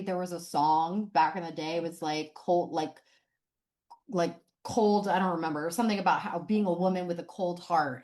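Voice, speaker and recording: A woman's voice: on the low side, a little mellow. A woman hosting a podcast, asking questions in a relatable, conversational way. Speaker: podcast host. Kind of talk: podcast interview.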